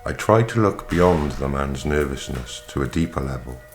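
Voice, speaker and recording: A man narrating an audiobook in the first person, with a steady, measured reading. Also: very deep voice. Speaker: audiobook reader. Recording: reading over faint background music.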